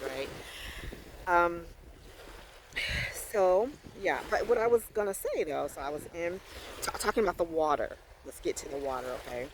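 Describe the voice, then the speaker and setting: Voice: medium pitch, creaky, a little hiss or hum. Rambling, emphatic faith vlogger by the water. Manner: rambling, emphatic, with frequent fillers and restarts. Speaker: vlogger sharing faith experiences. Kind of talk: casual faith talk vlog. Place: outdoors by the water. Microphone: handheld phone.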